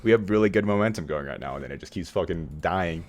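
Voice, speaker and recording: A man's voice: sits low, expressive, quick pace, darkish tone. A man co-hosting a casual podcast over a call, rambling and swearing a little, speaking in a raised customer-service voice. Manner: rambling, swears when frustrated. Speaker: podcast co-host.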